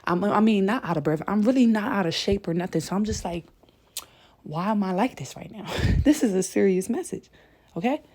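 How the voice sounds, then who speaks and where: A spiritual content creator paces indoors at home late at night, breathless and emphatic as she preaches to viewers. She often checks in with them using "y'all" and "okay?" Her medium-pitched, darkish voice is animated and a little quick.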